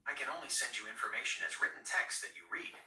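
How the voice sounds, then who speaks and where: A man's voice: medium pitch, sing-song, fast talker, pushed and bright, distant mic. A male AI voice assistant speaking in a polite, formal, apologetic, scripted way, played through a speaker. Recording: played through a speaker in a roomy space, away from the mic.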